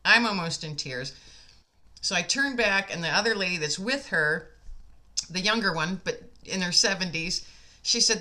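A woman's voice: fairly low pitch, normal speed, pushed and bright. A woman hosting a casual conversation, telling an earnest, heartfelt story with frequent fillers.

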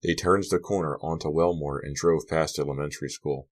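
Very deep-voiced male audiobook narrator. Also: steady tone, fairly quick.

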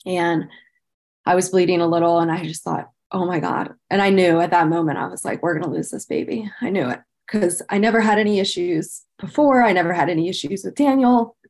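In her thirties, this woman is a podcast guest with a lowish, brisk, slightly mellow voice. She tells a personal story candidly and earnestly, leaning often on "like." Her emotion shows plainly as she recalls painful memories.

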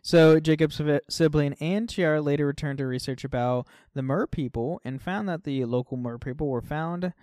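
A man co-hosting a podcast chats casually about a game in a slightly high voice at normal speed with few pauses. He uses "like" as a filler a lot and often trails off softly with it. The recording is dry and studio quality.

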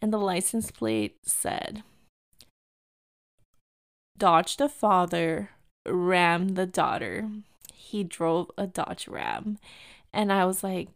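A woman's voice: mid-range voice, darkish tone. A woman in her thirties telling a casual story, full of filler words and acted-out quotes, with a few Spanish phrases dropped in. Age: 30s.

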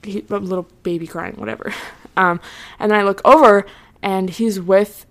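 A woman's voice: medium pitch, fairly even intonation, moderate pace, a bit bright. Chatty young woman podcaster. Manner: chatty, full of "like", trailing off; earnest, reassuring. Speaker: podcast host. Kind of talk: casual solo podcast chat.

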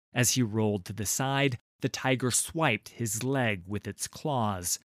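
A man reading a fantasy story aloud in a measured, deliberate way. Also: mid-range voice, no room sound, clean studio sound. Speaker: narrator. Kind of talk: scripted fantasy narration.

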